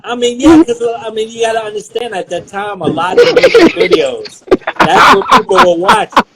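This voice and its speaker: Easygoing male host, high, lively pitch, clear background noise. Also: normal speed. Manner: laid-back, slangy, brief affirmations. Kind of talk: casual interview chat.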